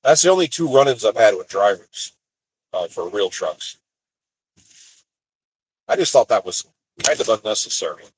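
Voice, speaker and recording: A man from the United States, an expedite van driver, casually telling rambling stories from the road and jumping into higher voices when he quotes people. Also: very animated, normal speed, long pauses, husky, poor audio. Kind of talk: casual storytelling.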